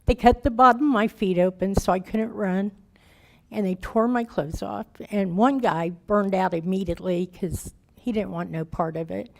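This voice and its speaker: A woman's voice: medium pitch, fairly even intonation, measured pace, vocal fry, a little mellow. A woman in her fifties, a guest speaker telling her recovery story in candid, plain-spoken, folksy words, emotional and raw. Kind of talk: personal recovery testimony.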